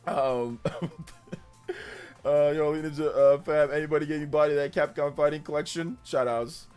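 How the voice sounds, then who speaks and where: A man's voice: fairly high pitch, steady tone, normal speed, a little mellow, clean tone, faint music behind. A man hosting a casual livestream, ranting in exasperation about a troll and then apologizing. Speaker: livestream host.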